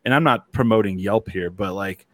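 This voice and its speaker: A man's voice: fairly low pitch, moderate pace, a bit bright. A man hosting a casual talk show, rambling with many "like"s and restarts. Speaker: host. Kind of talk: casual chat.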